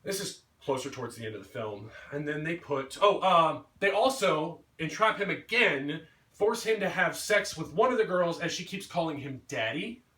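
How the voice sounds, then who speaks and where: A man's voice: a little high, animated, normal speed, pushed and bright. A man giving an angry, swearing rant about a movie, mocking characters in put-on voices. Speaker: vlogger. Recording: roomy echo, mic at a distance.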